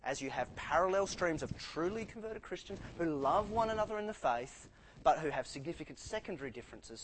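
A man's voice: mid-range voice, a little hiss or hum, low-quality recording. A man preaching a sermon in a church, earnest and emphatic, often repeating words to stress a point.

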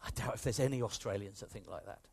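A British man preaching a sermon with a British accent, in an animated, conversational way that swings from hushed to emphatic. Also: on the low side, quick pace, gravelly, breathy edge. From Britain.

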